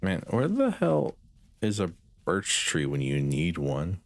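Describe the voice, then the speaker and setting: A man's voice: low-pitched, wildly swooping pitch, slow pace, gravelly, no room sound. A young man streaming a game, chatting with his viewers in a rambling, sarcastic way and swearing casually. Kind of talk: casual gameplay chat with chat.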